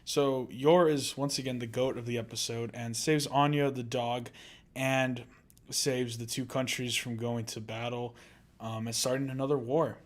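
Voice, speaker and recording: A man co-hosting a laid-back anime podcast, his voice sitting at an ordinary middle pitch. He chats loosely and giggles often, losing his thread mid-sentence before picking it back up. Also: fairly even intonation, moderate pace. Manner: giggly and easily distracted, often breaking into laughter. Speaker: podcast co-host. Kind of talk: casual anime podcast chat.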